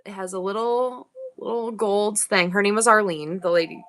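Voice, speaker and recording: A middle-aged woman from upstate New York, chatting quickly and warmly with viewers while running a live online jewelry sale. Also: medium pitch, steady tone. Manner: fast-talking, chatty. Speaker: online auction seller. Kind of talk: live-stream selling chat.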